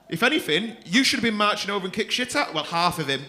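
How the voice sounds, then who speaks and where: A man's voice: high voice, lively intonation, quick pace, bright, forceful tone. A man hosting a comedy club night, swearing freely and teasing audience members. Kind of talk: stand-up crowd work.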